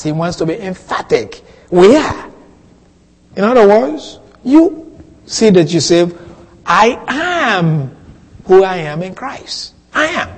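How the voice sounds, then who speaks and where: Animated preacher man, husky, long hall echo. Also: on the high side. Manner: expressive, swooping delivery with emphatic repetitions. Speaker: pastor. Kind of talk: sermon. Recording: echoey hall with long reverb.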